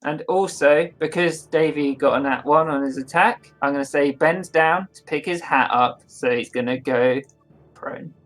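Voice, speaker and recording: A man's voice: on the high side, moderate pace, fairly bright tone. A man acting as game master, casually narrating the action of a tabletop game between laughs.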